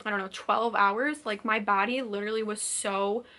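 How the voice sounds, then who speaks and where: Young woman, casual vlog storytelling, filler-heavy chatty talk, bright tone. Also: mid-range voice, fairly even intonation, moderate pace. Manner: chatty, says "like" constantly, acts out quotes. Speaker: vlogger.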